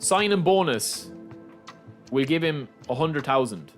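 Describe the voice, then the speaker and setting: Excitable Irish man streaming a game. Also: on the high side, a little slow, soft background music. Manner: excitable, chatty, keeps calling his viewers lads. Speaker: gaming livestreamer. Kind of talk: casual live commentary over gameplay.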